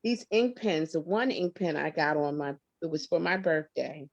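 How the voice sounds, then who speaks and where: A woman's voice: low voice, normal speed, highs cut off. A woman talks as a guest on an interview show. She tells her stories with lots of emphasis and feeling, her voice swinging as she makes a point. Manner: expressive, emphatic, laughs often. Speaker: guest singer. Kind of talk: animated interview storytelling.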